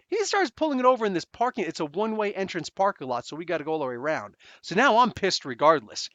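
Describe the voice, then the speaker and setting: Forties guy rambling through a story, lively highish voice, kinda dull dry sound. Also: fast, hardly any pauses, no room sound. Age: 40s. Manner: animated, swearing, acts out quotes. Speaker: podcast host. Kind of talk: casual storytelling. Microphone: close desk microphone.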